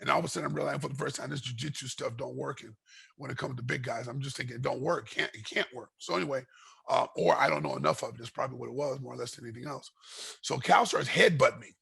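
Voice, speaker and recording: A man guest in an interview, telling a long story with animated energy, voicing other people in it, often repeating and restarting his words. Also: medium pitch, rapid-fire. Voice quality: gravelly, raspy. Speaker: guest, retired fighter.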